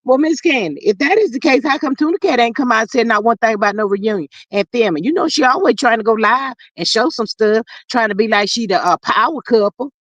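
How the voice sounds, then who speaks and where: Livestream host, woman, high voice, dry close sound, gossipy drawl, loud calls and low murmurs. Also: lively intonation, fairly quick, few pauses, no echo, highs cut off. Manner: drawling Southern slang, says child a lot, reads comments aloud. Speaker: livestream host reading chat. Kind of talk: casual gossip livestream chat.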